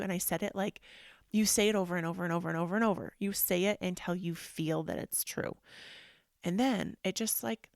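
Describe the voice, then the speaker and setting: A woman with a low, gravelly voice leads a casual motivational talk about self-help and healing. She speaks earnestly and with emphasis, often drifting into soft, whispery asides. Her voice sounds close and dry, with no room around it. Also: fairly even intonation, a little fast, no echo. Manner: earnest and emphatic, with frequent "like" and "freaking". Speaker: yoga and self-help podcast host.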